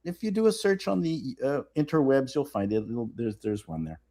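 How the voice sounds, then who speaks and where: A man's voice: medium pitch, sing-song, moderate pace, mellow. A man around seventy, an actor guest on a live chat, telling rambling self-mocking anecdotes. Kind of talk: casual chat.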